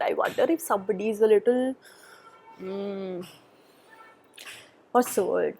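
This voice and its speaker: A woman doing a pick-a-pile tarot reading, chatty and thinking aloud, with soft murmured asides and a nasal voice from a cold. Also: medium pitch. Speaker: tarot reader. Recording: background noise.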